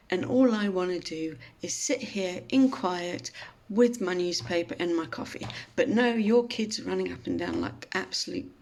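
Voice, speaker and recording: A woman's voice: on the low side, vocal fry, a little mellow. A woman voicing a stressed, irritable man on a train, complaining indignantly in her own voice.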